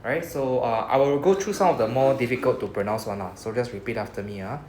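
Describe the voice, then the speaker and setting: A man's voice: mid-range voice, fast talker, darkish tone, roomy sound, a little hiss or hum. A man with a Singaporean English accent teaching a Japanese class in a chatty, casual way, drawing out sounds as he models words.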